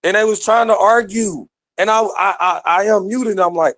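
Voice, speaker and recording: A man's voice: high-pitched, moderate pace, no room sound. A man ranting at listeners in an online audio room, confrontational and full of slang and swearing. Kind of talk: heated rant.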